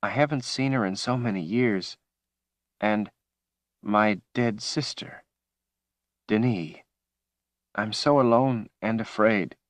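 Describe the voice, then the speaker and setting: A man voicing a frightened, grieving young woman in an audiobook, speaking softly and tearfully. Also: mid-range voice, slow, hardly any pauses, no room sound, pitched above the performer's own voice. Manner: soft, tearful, trembling. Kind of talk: audiobook character reading.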